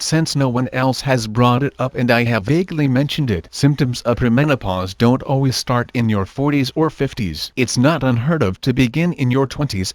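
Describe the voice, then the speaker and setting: A man narrating online forum posts aloud in a steady, even reading delivery. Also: medium pitch, no echo.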